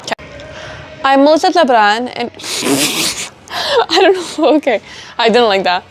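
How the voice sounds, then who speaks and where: In outtakes from a student school show, a teenage girl serving as host keeps fumbling her lines, giggling and getting flustered each time. Her voice sits high and is very animated, though she talks slowly.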